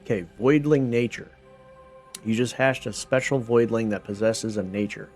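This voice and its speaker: A man's voice: mid-range voice, moderate pace, darkish tone, soft background music. A man giving casual, think-aloud commentary while streaming a creature game, reading menus and musing over his finds. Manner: thinks aloud, reads menus, trails off in asides.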